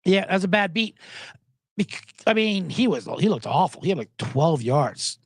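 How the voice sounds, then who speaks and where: A man hosting a sports betting show in a loose, cursing, joking ramble. His pitch swings widely from phrase to phrase. The sound is dry and close, with no room around it. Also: big pitch swings, moderate pace, slightly rough, no room sound. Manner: profane, joking, rambling, breaks into mock impressions. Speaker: sports betting podcast host. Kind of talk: casual sports betting monologue.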